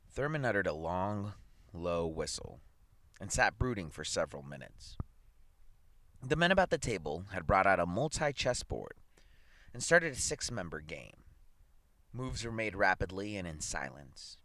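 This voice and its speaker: Man, story reader, expressive, very deep voice, dry close sound. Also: moderate pace, long pauses, dry recording. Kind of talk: reading a short story aloud.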